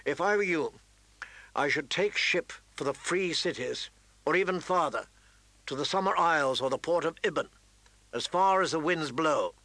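A man's voice: fairly high pitch, lively intonation, normal speed, no room sound, full character voice. A man voicing a stern, grave nobleman. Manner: quiet, dry, grave.

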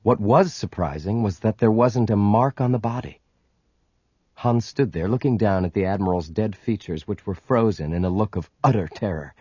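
Husky male audiobook narrator. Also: fairly low pitch, normal speed, mellow, dry recording, muffled recording. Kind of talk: scripted narration.

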